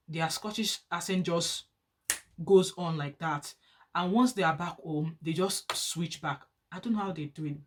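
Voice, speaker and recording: Nigerian woman, 30s, casual vlogger, chatty, animated. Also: slight background noise. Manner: chatty and animated, rising higher when excited. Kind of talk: casual chat to camera.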